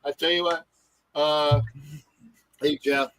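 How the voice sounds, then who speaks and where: A male host chatting about sports in a loose, rambling way. His voice sits a little high, and he stumbles through fillers and drops the odd curse. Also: fairly even intonation, takes it slowly, fairly bright tone, rough recording. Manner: rambling, swears, hesitant with fillers. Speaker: podcast host. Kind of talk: casual sports chat.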